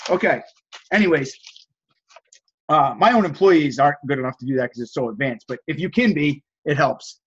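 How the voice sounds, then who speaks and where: High-voiced man coaching, lo-fi sound. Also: expressive, moderate pace, a bit bright, slight background noise. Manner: enthusiastic salesman-like delivery. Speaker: host of a live stream teaching resale negotiation. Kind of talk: casual live-stream coaching, reading chat messages.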